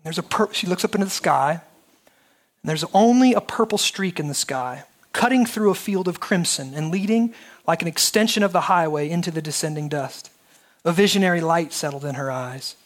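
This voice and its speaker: A man lecturing on a short story, reading long passages aloud with expressive, dramatic emphasis. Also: on the high side, normal speed.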